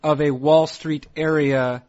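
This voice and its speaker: A man talks in a loose, rambling way, circling back and restarting his thoughts. His voice sits a little higher than most men's. The recording is dull and lo-fi. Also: level tone, takes it slowly, a little mellow. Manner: chatty, rambling with restarts and laughs. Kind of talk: casual chat.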